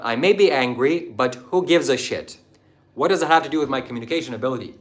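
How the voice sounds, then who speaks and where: A man's voice: mid-range voice, fast talker. A man talking on his livestream, preachy and combative as he lectures viewers and reads out their comments. He mocks the people who disagree with him. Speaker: livestream host. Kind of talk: livestream talk answering chat.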